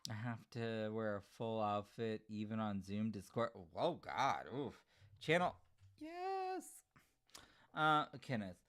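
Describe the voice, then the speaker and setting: A man hosting a casual livestream, answering chat comments in an animated, giggly way. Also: on the low side, measured pace, clear, resonant tone. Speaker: livestream host reading chat.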